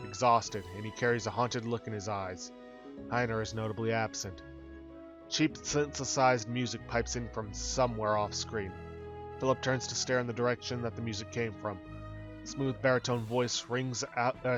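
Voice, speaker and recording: A man's voice: medium pitch, a bit bright, highs cut off. A man reading a video game's text aloud, with wry, exasperated asides. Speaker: let's play host.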